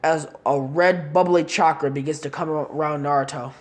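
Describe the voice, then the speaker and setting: A woman's voice: deep voice, steady tone, normal speed. A woman casually narrating a fan-made story in long, rambling run-on sentences.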